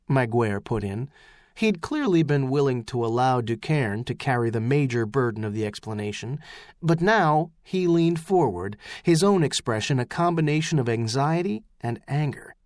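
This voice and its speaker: A man narrating an audiobook with measured, expressive storytelling. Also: mid-range voice, no echo, clean studio sound. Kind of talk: scripted narration.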